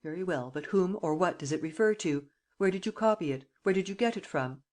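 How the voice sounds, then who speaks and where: A woman reading an audiobook, voicing a suave, teasing male gentleman thief who gives brisk commands. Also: fairly low pitch, expressive, lightly acted. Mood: stern.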